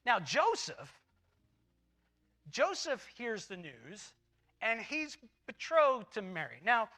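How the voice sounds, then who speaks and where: A man preaching a sermon as a church pastor, telling a Bible story with animated, acted-out paraphrases of the characters. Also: sits high, takes it slowly. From United States. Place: church sanctuary.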